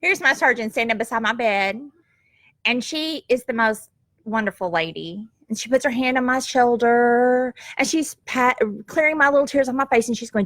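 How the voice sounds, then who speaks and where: Middle-aged woman vlogger, high-ish voice, dry close sound, folksy and animated storyteller. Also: moderate pace, dry recording. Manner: animated, laughs easily, homespun phrasing. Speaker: vlogger telling a family story. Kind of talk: casual storytelling. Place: at home, goats nearby. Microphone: camera.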